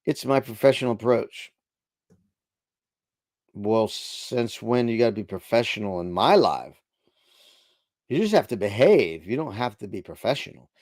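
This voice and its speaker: A man's voice: lowish voice, lively intonation, measured pace, pauses often, a little mellow, dry recording, studio quality. Laid-back man chatting on a livestream. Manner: chatty, laid-back, reads chat aloud. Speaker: livestream host. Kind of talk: casual live chat reading viewer comments. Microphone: desk microphone.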